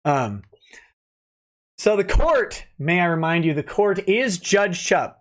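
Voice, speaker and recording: A man's voice: high-pitched, expressive, takes it slowly. A man hosting a casual livestream, reading and commenting in a sardonic, mocking, chatty way with many fillers. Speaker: lawyer and livestream host.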